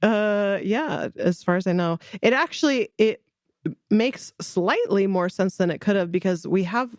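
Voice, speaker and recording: A woman's voice: mid-range voice, lively intonation, measured pace, darkish tone, no room sound, studio quality. A woman co-hosting a podcast, telling a family story in casual chat and acting out the quotes. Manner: chatty storyteller, acts out quotes with laughs. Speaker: podcast co-host.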